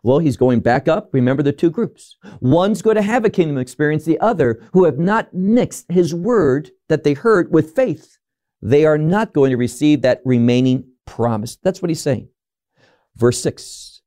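Lively, mellow-voiced male preacher. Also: fairly high pitch, normal speed. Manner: teaching verse by verse, rhetorical questions. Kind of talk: sermon.

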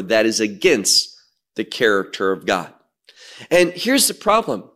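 A man preaching a sermon, teaching verse by verse in a slow, emphatic delivery. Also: fairly low pitch, big pitch swings, a bit bright.

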